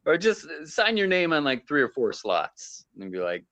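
A man co-hosting a podcast, chatting casually with relaxed, joking remarks. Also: fairly high pitch, moderate pace. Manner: relaxed, joking, short agreements. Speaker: podcast co-host. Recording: dull lo-fi sound.

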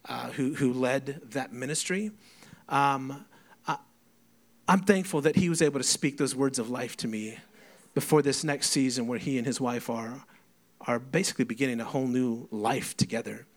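A man, preaching a sermon and telling stories with emotion, acting out both sides of conversations. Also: medium pitch. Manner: storytelling, emotional, acts out dialogue. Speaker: pastor.

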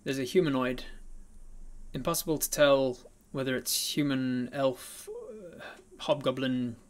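A man's voice: medium pitch, sing-song, unhurried. Man narrating as game master. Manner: descriptive narration with frequent ums and uhs. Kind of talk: narrating a tabletop game livestream.

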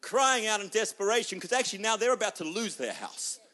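A male pastor preaching a sermon, telling stories and acting out people's voices, swinging between loud outbursts and hushed moments. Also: high-pitched, big pitch swings, a little fast.

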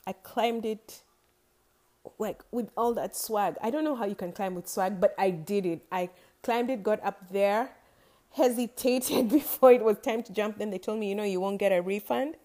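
A woman's voice: medium pitch, normal speed, warm tone. Playful, chatty woman podcast host. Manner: playful, chatty, laughs at her own jokes. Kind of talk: casual solo podcast talk.

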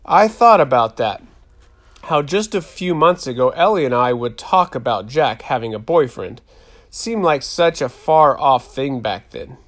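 A man narrating a first-person story in a calm, even reading. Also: medium pitch, a little slow. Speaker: audiobook narrator.

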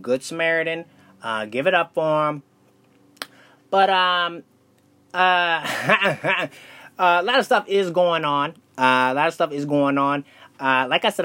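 A man's voice: fairly high pitch, fairly bright tone. A young man hosting a casual solo podcast, talking loosely and profanely with lots of fillers and restarts. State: out of breath. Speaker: podcast host.

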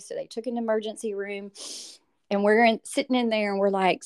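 A middle-aged mother, a guest, recounting a hard personal story, halting with fillers and acting out what people said. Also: mid-range voice, clean tone. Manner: animated, acts out quoted voices, halting with fillers.

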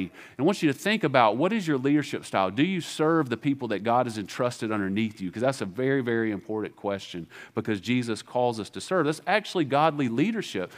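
This Southern-accented pastor acts out scripture conversations in a loose, lively way during his sermon. His voice sits in the mid range.

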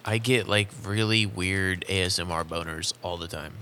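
Lower-voiced bright man bantering, faint hiss. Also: moderate pace. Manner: bantering, laughs easily, acts out quotes. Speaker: podcast co-host. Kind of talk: casual chat.

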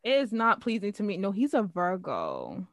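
A woman co-hosting a podcast in casual chat, expressive and exclaiming often. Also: mid-range voice, dry recording. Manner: expressive, exclaiming, quick laughs. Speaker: podcast co-host.

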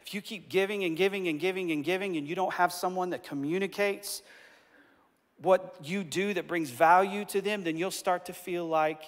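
A man in his forties preaching a sermon from a stage, telling stories in an animated, emphatic and self-deprecating way. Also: sits high, moderate pace. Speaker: pastor. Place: stage in a large hall. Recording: reverberant hall.

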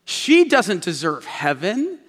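A pastor acting out a furious man venting at the pearly gates, high-pitched and indignant, his voice ringing with the long echo of a big hall. Pleading and ranting at once. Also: wildly swooping pitch, slow pace, a bit bright, exaggerated voice. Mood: outraged. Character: angry newly dead man demanding justice.

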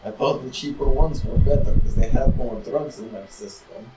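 A man playing a tabletop game in character, joking in a deadpan way. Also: mid-range voice, moderate pace. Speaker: player. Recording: roomy, distant mic with loud noise.

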